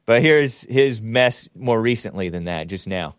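A male podcast host in sarcastic, jeering commentary mode. His voice sits at an ordinary middle pitch. It is recorded dry and close, with no room sound. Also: takes it slowly, hardly any pauses, dry recording. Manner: sarcastic, jeering, laughs at his own remarks. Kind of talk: mocking political commentary.

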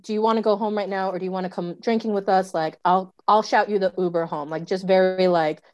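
A young woman, a stand-up comedian telling a story in casual chat, animated, full of fillers and swearing. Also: mid-range voice, fast, muffled recording. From New York City.

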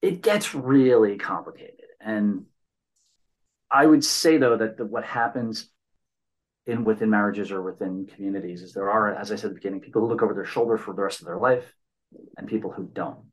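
A man's voice: on the low side, brisk, low-quality recording. An American man hosting a podcast, chatting casually and telling rambling stories, often checking in with "right?". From United States. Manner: rambling storyteller, tags points with "right?". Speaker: podcast host. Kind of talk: casual conversation.

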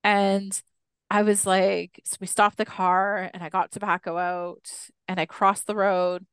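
A young adult woman telling a personal story in a podcast interview, animated and acting out the dialogue she quotes. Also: mid-range voice, measured pace, smooth, dry recording. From Canada, Six Nations Mohawk community. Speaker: guest, Indigenous educator.

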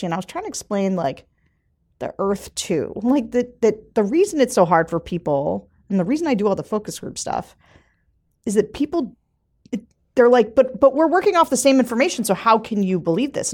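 A woman co-hosting a podcast in casual political chat, animated and laughing often. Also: mid-range voice. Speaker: podcast co-host.

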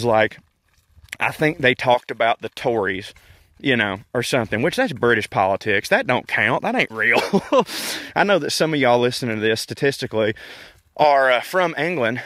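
A man's voice: medium pitch, no room sound, studio quality. Profane, wry man ranting outdoors. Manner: profane, wry and animated, laughing between points. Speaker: podcast host. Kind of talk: casual walking rant. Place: outdoors walking in a park.

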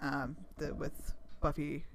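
A podcast co-host in casual chat, making wry, quick remarks. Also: mid-range voice, level tone, a little hiss or hum.

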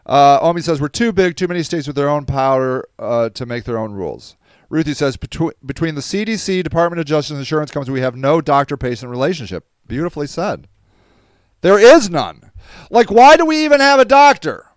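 A tired man with a stuffy nose hosts a casual livestream, rambling and reading viewer comments aloud. His voice sits fairly high and swings widely in pitch. It sounds smooth and clear, recorded close and dry. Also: lively intonation, a little fast, no echo. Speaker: podcast host reading live chat.

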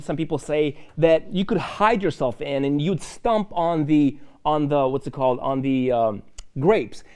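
A man preaching a sermon in a church, conversational and lively, with fillers and asides. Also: on the high side. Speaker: pastor.

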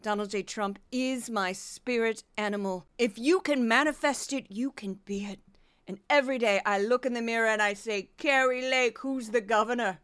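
A woman's voice: fairly high pitch, normal speed, few pauses, fairly bright tone, clear, resonant tone, no room sound, studio quality, lightly acted. Woman playing a grandiose, self-obsessed politician. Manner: grandiose, self-important, drifting into whispers. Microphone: close podcast mic with a sound wall.

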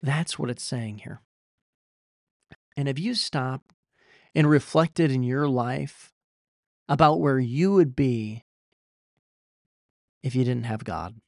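A man's voice: mid-range voice, slow, vocal fry, long pauses, darkish tone, no room sound, clean studio sound. A young man from Iowa preaching a sermon, earnest and emphatic, his voice rising when he pleads. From Iowa, USA. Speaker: pastor.

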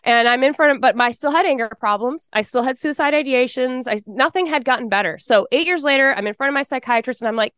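A woman in her forties from Texas, telling her personal testimony in a podcast interview. She talks fast and emotionally, with a smooth, clear and slightly high voice. The recording is dry and close. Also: a bit bright, no room sound. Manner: emotional, fast-talking storyteller.

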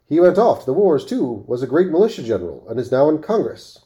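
A man's voice: fairly high pitch, big pitch swings, fast talker, dark tone, voice pushed up. A man voicing a gossipy old village man with a thin, piping voice in a storybook reading. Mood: informative.

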